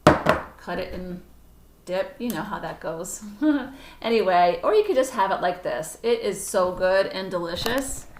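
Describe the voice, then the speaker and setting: A woman's voice: mid-range voice, lively intonation, unhurried. Woman cooking instructor, casual and chatty, talks to herself as she cooks; roomy kitchen, mic a little far off. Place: home kitchen. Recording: roomy kitchen sound from a distant camera mic.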